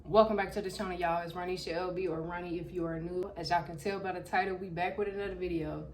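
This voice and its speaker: Young woman hosting a casual storytime vlog at home, lively and foul-mouthed, recorded with clear background noise. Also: on the low side, fast. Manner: loud, animated, profane chatter. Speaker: YouTuber. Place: home room with backlight. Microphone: camera in front of her.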